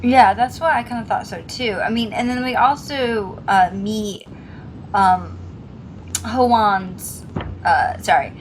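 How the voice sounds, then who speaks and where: A woman co-hosting a casual chat about a drama episode, retelling scenes with lively acted-out quotes. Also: medium pitch, slow, a little hiss or hum, rough recording. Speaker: co-host discussing a drama episode.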